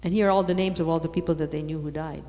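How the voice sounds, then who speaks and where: Woman speaker, low-leaning voice, emphatic conference talk in a reverberant hall. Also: racing. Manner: lively, repeats for emphasis, rising to loud exclamations. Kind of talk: animated talk on faith.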